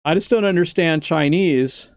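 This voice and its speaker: A man talking loosely on a livestream, drifting between thoughts with lots of fillers. His voice sits a little high for a man and sounds smooth. The sound is dry and slightly dull. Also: moderate pace, a little mellow, no echo. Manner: loose and rambling, many fillers and restarts. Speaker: streamer. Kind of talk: casual livestream chat.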